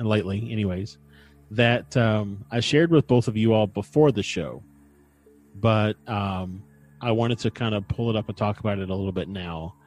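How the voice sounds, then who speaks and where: A man co-hosting a casual podcast chat, relaxed and digressive, often pausing with ums and clearing his throat. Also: on the low side, faint music behind. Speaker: podcast co-host. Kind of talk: casual chat about paranormal lore.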